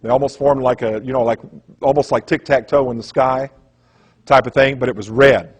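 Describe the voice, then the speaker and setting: A man's voice: mid-range voice, steady tone, normal speed, slightly rough. A man giving a presentation in a rambling, emphatic storytelling manner. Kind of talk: conspiracy lecture talk.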